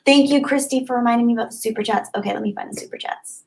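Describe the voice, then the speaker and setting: A woman hosting a casual livestream, chatty and upbeat, thanking viewers by name and often trailing off softly. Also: on the high side, racing, creaky, rough recording. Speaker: livestream host. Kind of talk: casual live chat reading comments.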